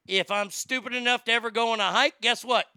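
A man's voice: very high voice, fairly even intonation, fairly quick, bright, forceful tone, smooth, dry recording. A man delivering a profane, blustering comedic rant, stammering when worked up.

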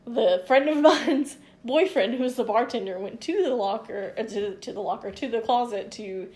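A woman spins a story for a podcast in an animated, foul-mouthed way, voicing the people in it as she goes. Her voice sits a little high for a woman. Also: normal speed. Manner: animated, profane storyteller who acts out quotes. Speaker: podcast co-host telling a story. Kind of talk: casual podcast chat.

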